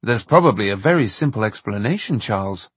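A man voicing a calm, thoughtful grown man who reasons things out, in an audiobook. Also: lowish voice, brisk, slightly rough, no room sound. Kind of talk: audiobook narration.

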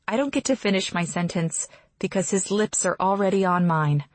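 A woman reading a first-person fantasy romance aloud with expressive, gently wry storytelling. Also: mid-range voice, normal speed, dry recording. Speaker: audiobook narrator.

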